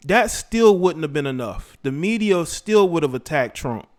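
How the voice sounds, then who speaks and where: Fairly high man hosting livestream commentary. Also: sing-song, normal speed. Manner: shouts out viewers, argumentative. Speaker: livestream host. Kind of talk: reaction commentary.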